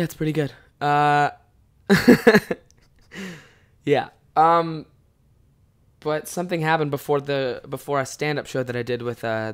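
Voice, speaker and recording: A man in his twenties hosting a solo podcast, cursing freely and swinging from mumbled asides to loud outbursts. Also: medium pitch, smooth. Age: 20s. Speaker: podcast host and stand-up comic. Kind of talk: casual solo podcast chat.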